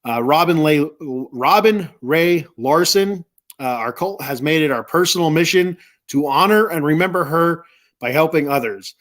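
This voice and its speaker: A man's voice: a little high, animated, moderate pace, fairly bright tone. A man hosting a casual sports talk stream, rambling with lots of fillers and repeats. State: choked up. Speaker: sports podcast host.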